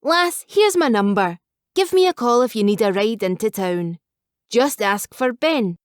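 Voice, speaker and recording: A woman's voice: a little high, expressive, measured pace, no echo, clean studio sound. A woman reading the part of a chatty, teasing elderly male taxi driver in an audiobook. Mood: jovial.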